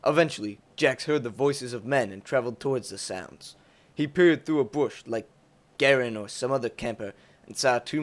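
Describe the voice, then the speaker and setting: A young adult man narrating a crude comic story in a lively, profane, rambling way. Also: medium pitch.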